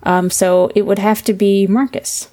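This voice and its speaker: A woman in casual podcast chat, calmly leading the recap of a TV episode. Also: mid-range voice, measured pace. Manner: relaxed, affectionate, leads the recap.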